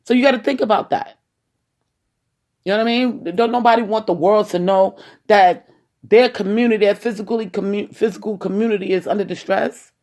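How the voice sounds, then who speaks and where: A woman's voice: medium pitch, a little fast, a little mellow. A woman with a New York accent, an activist giving a casual, rambling podcast monologue and often saying "you know".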